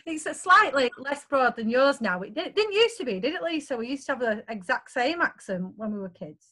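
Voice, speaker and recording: A woman's voice: sits high, big pitch swings, brisk, bright, forceful tone. A woman from North Manchester with a Manchester accent, hosting a casual, chatty video call conversation. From North Manchester, England. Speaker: co-host.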